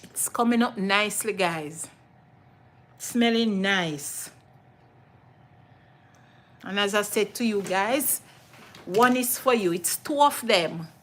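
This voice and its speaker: A woman's voice: mid-range voice, a bit bright. A middle-aged Jamaican woman hosting a casual cooking livestream from her home kitchen, chatting with viewers and repeating herself often.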